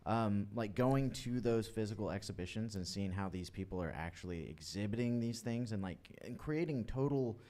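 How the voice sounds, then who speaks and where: A man's voice: lowish voice, normal speed, hardly any pauses, dark tone. A man chatting casually on a podcast, rambling with many fillers and emphatic asides. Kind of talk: casual chat.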